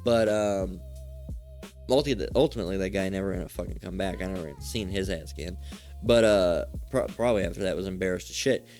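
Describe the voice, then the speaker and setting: A man's voice: low voice, brisk, a little mellow, soft background music. A man casually telling a personal story in a rambling, profane way, swearing often and restarting his sentences.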